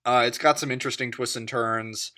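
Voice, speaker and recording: A man co-hosting a casual movie podcast, animated, swearing and laughing often. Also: medium pitch, brisk. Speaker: podcast co-host.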